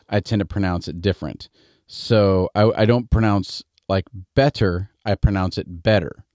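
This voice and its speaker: A middle-aged man with a Midwestern American accent reads nursery rhymes aloud for a bedtime story show. His voice sits on the low side. He chats between readings and corrects himself as he goes, and the sound is dry and close. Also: a little mellow, no echo. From Midwestern United States. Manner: chatty, explains himself, self-correcting. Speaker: storytelling host.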